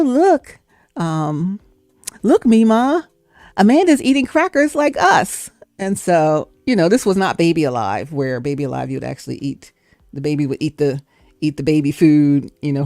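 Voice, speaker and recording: A woman hosting a livestream, telling a story in a chatty, animated way. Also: very deep voice, no echo. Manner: chatty and animated, breaks into laughter. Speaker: livestream host. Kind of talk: casual storytelling.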